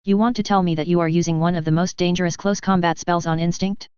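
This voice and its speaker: A blunt, sharp-tongued female mage, as a woman narrator reads her. She lectures plainly in a storybook reading. The voice is low and very clear over dry sound. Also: fairly even intonation, fast talker, no echo, dull audio, close to an everyday voice. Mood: incredulous.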